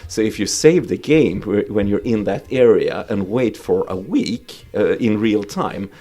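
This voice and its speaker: Laughing Swedish podcast host, lowish voice. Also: male voice, lively intonation, measured pace, dark tone. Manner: laughs often, enthusiastic retelling with restarts. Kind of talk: casual chat.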